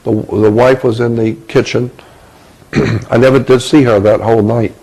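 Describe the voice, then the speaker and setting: A man telling a personal story from his youth, halting and repeating words as he searches for them. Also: medium pitch, fairly even intonation, dark tone, rough recording.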